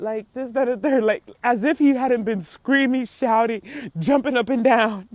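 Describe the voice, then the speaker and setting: A woman hosting a podcast, giving casual commentary in a slangy, laughing, animated way. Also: a little high, normal speed. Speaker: podcast host.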